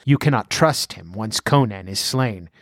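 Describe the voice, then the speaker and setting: A man voicing a proud, bitter male sorcerer held as a slave, speaking in a grave, measured way. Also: on the low side, animated, a bit bright, dry recording, clean studio sound. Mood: scheming.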